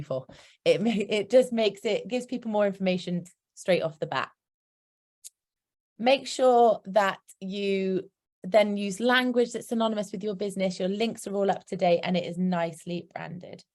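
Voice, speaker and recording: A woman's voice: medium pitch, darkish tone. A woman with a British accent presenting a marketing workshop in an upbeat, practical way, with chatty asides. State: hiccuping. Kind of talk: instructive presentation.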